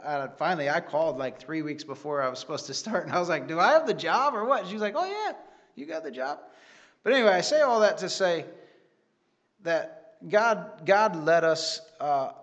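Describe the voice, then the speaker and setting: A man's voice: a little high, dull audio. A man giving an earnest, rambling church testimony with many restarts. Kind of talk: sermon testimony.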